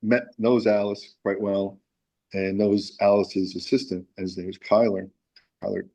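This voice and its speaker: A man's voice: on the low side, level tone, moderate pace, mellow, dull audio. A man being interviewed about his music, telling a long, rambling anecdote with many restarts. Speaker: musician guest. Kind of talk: casual interview storytelling.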